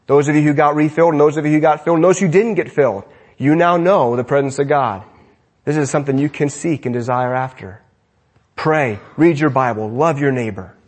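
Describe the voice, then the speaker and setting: Husky man preaching with animated swings. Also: a little high. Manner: animated preaching, swinging between emphatic and hushed. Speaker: pastor. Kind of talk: sermon. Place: church sanctuary.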